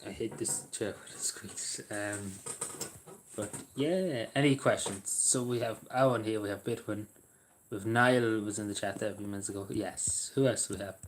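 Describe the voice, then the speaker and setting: A man's voice: lowish voice, normal speed, a little hiss or hum. A man chatting casually to his livestream viewers, rambling and hesitant with many fillers and restarts. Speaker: livestream host. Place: at home in a squeaky chair.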